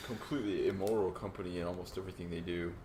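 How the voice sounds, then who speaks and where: A man's voice: low-pitched, steady tone, racing, dark tone, a little hiss or hum. A young man co-hosting a casual podcast chat, laid-back, saying "like" a lot, with dry sarcastic jokes. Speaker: student and podcast co-host.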